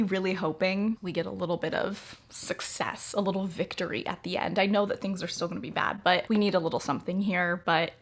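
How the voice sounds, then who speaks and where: A young woman talking casually to camera in a reading vlog, gushing and emphatic, speaking in excited bursts. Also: mid-range voice. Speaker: reading vlogger.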